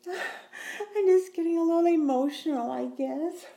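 A woman's voice: very high-pitched, a little slow, vocal fry, warm tone, echoey room, heavily acted. A woman voicing a wistful, sentimental middle-aged widowed mother in an audio role-play, sighing and teasing as she talks.

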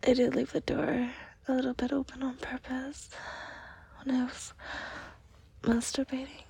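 Breathy whispering woman, slow and flirty. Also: high-pitched, no echo. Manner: flirtatious and giggly, soft and hesitant. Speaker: audio role-play performer. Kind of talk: whispered role-play.

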